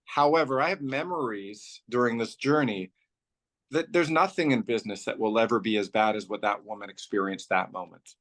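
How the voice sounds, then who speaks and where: A man's voice: fairly low pitch, brisk, fairly bright tone. Man telling a personal story casually. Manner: loose and rambling, strings clauses with "so" and "like". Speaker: company founder telling his story as a guest.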